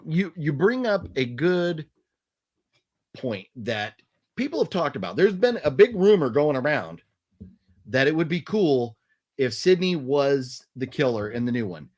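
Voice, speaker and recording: Brief: a male stream host musing out loud, middle pitch, animated delivery. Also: unhurried. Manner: rambling, thinking aloud with many restarts. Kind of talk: casual late-night chat.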